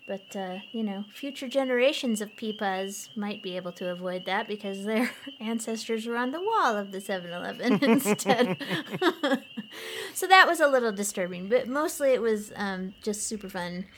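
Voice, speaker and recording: A woman's voice: mid-range voice, normal speed, slight background noise. A woman from Colorado co-hosting a podcast, telling stories in a chatty, giggly way. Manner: chatty and giggly, animated storytelling. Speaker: podcast co-host. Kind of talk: casual chat.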